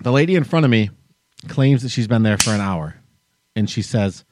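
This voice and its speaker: A man's voice: medium pitch, expressive, normal speed, darkish tone, no room sound, studio quality. A man co-hosting a podcast, telling a long story as a heated, profane rant. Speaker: podcast co-host. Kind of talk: casual chat, storytelling rant.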